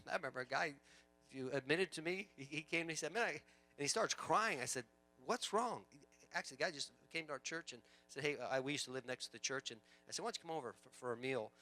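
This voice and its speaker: A male pastor preaching a sermon, swinging from loud emphatic lines to quiet storytelling, with chatty asides and repeated words. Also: on the high side, fast.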